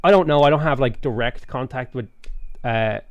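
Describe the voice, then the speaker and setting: A man's voice: medium pitch, normal speed, dry recording, dull audio. Irish man chatting loosely while gaming. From Ireland. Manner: rambling, swears freely, reads chat aloud. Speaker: streamer. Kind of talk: casual chat while playing a strategy game.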